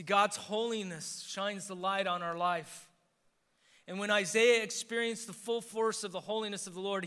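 A man preaching a sermon as pastor, swinging between hushed asides and emphatic, animated lines, in a church sanctuary. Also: sits high, clear, resonant tone, long reverb tail.

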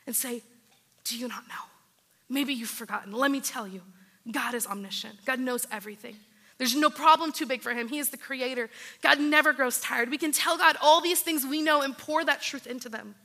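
Woman pastor giving a sermon; high, bright, sharp delivery with soft hushed passages. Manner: drops to a soft hush for quoted comfort.

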